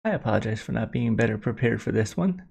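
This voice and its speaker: A man hosts a casual livestream and chats loosely with his viewers. His voice is heavily gravelly, with plenty of fry, and it sits at a middling pitch. He rambles and apologizes a lot, stopping often for ums and restarts. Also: lively intonation, quick pace, darkish tone. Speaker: livestream host.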